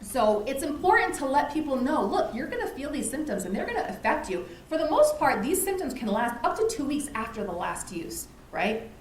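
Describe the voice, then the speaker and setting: A woman's voice: sits high, sing-song, fairly quick. A woman giving an informal educational talk at a community lunch, conversational, often checking in with "right?" and acting out anecdotes. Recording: echoey room with faint noise.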